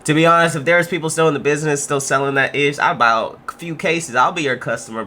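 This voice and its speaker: A man's voice: on the high side, fast talker, sharp tone, a little hiss or hum. A man hosting a reaction video, chatting casually in a slangy, laid-back way.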